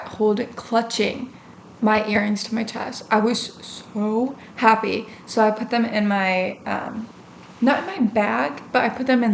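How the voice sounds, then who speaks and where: A young woman with a gravelly mid-range voice vlogs to camera over faint background noise. She tells a story in a chatty, animated way, packed with fillers and acted-out versions of her own reactions.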